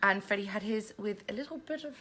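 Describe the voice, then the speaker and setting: Quick and sharp in tone, this mid-range English voice belongs to a woman hosting an informal live-stream Q&A from home, where her family is around. She holds her phone as she chats and reads out what viewers write.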